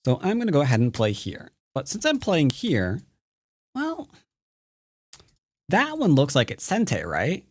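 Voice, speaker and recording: A man's voice: fairly high pitch, huge pitch swings, a little slow, pauses often, darkish tone. A man teaching Go while he plays a game live, commenting with jokes and silly asides. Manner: playful, jokey, breaks into silly sing-song nonsense.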